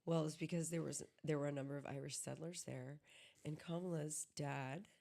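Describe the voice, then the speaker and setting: A woman's voice: low-pitched, normal speed, creaky. An American woman in her thirties co-hosting a podcast in casual, rambling chat. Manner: rambling, animated, joking. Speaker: podcast co-host.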